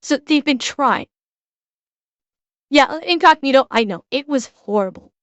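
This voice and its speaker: A woman's voice: high voice, lively intonation, unhurried, fairly bright tone, no room sound, highs cut off. A woman streamer giving blunt, profane, casual commentary while reacting to a video.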